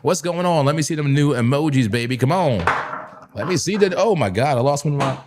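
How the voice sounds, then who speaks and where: Hoarse excitable man live-trading on stream. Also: a little high, fairly quick, over music. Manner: excitable, laughs often, sudden shouts. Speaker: crypto trading livestream host. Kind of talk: casual live trading commentary.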